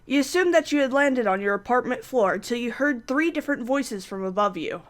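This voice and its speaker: A woman's voice: fairly high pitch, lively intonation, brisk. A young woman playing a story game, reading it aloud and making chatty, self-mocking comments. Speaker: gamer.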